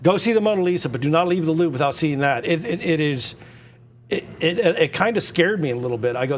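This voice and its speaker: A man hosting a live-streamed art auction, excitable and prone to rambling tangents. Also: a little high, fairly quick. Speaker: auction host.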